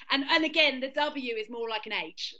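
A woman's voice: high voice, normal speed, bright, forceful tone, muffled recording. A woman with a Hackney London accent, chatting casually on a video call and laughing often as she demonstrates accents. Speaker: podcast guest. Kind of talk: casual chat explaining accents.

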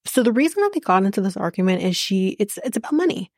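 A woman's voice: mid-range voice, big pitch swings, fast talker, no echo, clean studio sound. A young woman hosting a casual podcast, recapping a reality show in a chatty, rambling way with frequent swearing and fillers.

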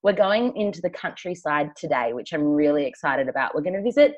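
A woman's voice: low-pitched, lively intonation, fairly quick, dull audio. A woman co-hosting a podcast in casual chat, rambling through travel stories and laughing often. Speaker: podcast co-host. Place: travelling, recording remotely.

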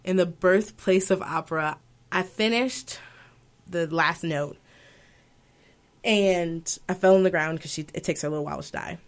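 A woman's voice: fairly low pitch, normal speed. A woman who sings opera, talking as an interview guest and telling stories with emotion. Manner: emotional, animated storytelling with laughter. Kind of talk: conversational interview storytelling.

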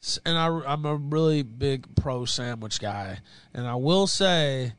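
Reacting to videos and his chat, this livestream host swears freely, laughs a lot, and is openly opinionated. His mid-range voice is smooth and a bit bright, with a measured pace and no room sound.

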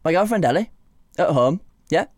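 A podcast co-host with a fairly high voice tells stories in a casual chat, animated and laughing often. He speaks at a moderate pace, and the sound is clean studio audio with no echo.

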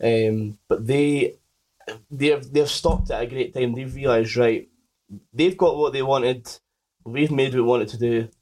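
A man's voice: medium pitch, fairly even intonation, measured pace, darkish tone, rough recording. A Scottish man hosting a podcast, chatting in an opinionated way with some swearing. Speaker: podcast host. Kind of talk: casual chat.

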